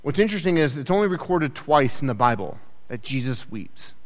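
A man delivers a sermon in a lively, chatty manner and briefly voices the people in his story. His voice sits at a middle pitch. The sound carries a long reverb, as in a large church hall. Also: a little fast. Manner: animated, acts out quoted voices, conversational asides. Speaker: pastor.

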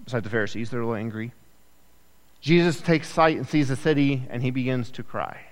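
A man preaching a sermon in a conversational, animated way, acting out the people in the story with quick asides. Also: medium pitch. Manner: animated, acts out quoted voices, conversational asides. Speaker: pastor. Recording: echoey hall with long reverb.

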